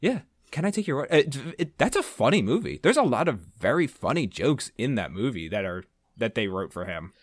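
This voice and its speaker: A man co-hosting a casual movie podcast, talking through films in a measured, analytical way. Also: mid-range voice, very animated, no echo, studio quality. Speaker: podcast co-host. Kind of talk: casual movie-review chat.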